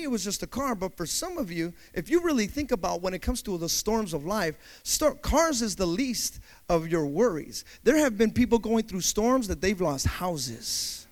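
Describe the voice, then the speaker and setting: A male preacher with a strikingly high voice that swings widely between soaring peaks and low, quiet asides. He tells his story dramatically, questions the listeners directly and acts out moments with vocal sound effects. His delivery stays animated and theatrical throughout. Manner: speaks directly to the congregation, asking questions. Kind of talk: sermon with personal storytelling.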